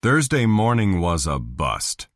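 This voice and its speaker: A man reading a hardboiled detective audiobook in the first person, with a dry, measured delivery. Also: deep voice, very animated, fairly bright tone, dry recording. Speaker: audiobook narrator.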